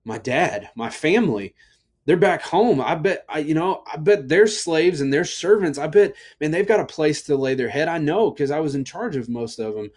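A man's voice: a little high, animated, normal speed, pitched above the performer's own voice. A man playing a desperate starving young man. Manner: pleading, talking to himself.

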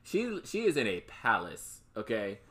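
A man's voice: fairly low pitch, huge pitch swings, unhurried, pushed and bright. A man casually recapping a movie plot for a co-host, rambling and swearing, with many fillers and restarts. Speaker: podcast co-host.

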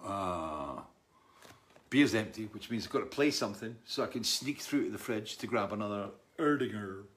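Older guy in his studio chatting through viewer questions, lowish voice, wanders off into stories. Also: lively intonation, moderate pace, fairly bright tone. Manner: rambling, anecdotal, with frequent restarts and asides. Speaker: musician hosting a viewer Q&A. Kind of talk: casual chat answering viewer questions.

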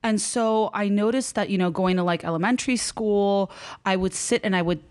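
A woman's voice: mid-range voice, normal speed. Chatty woman telling a long story. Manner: chatty, animated, laughs often. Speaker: guest life coach. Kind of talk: casual interview storytelling.

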